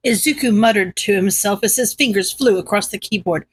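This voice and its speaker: A woman narrates a fan-written story in a lively reading style. Her voice is high and bright. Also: normal speed, few pauses, poor audio. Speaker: audiobook reader. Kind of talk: reading fan fiction aloud.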